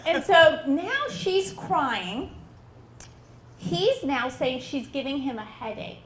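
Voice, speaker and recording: At an outdoor backyard show, a woman comedian tells a family story in her stand-up set, acting out the family members with animated storytelling. Her high voice moves slowly, and the sound is roomy with slight background noise.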